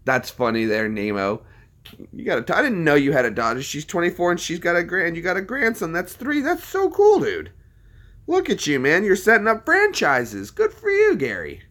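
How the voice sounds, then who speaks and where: A man's voice: fairly high pitch, very animated, moderate pace, fairly bright tone. An American man in casual, upbeat chat, teasing and joking with strangers online. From United States. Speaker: vlogger chatting with strangers online.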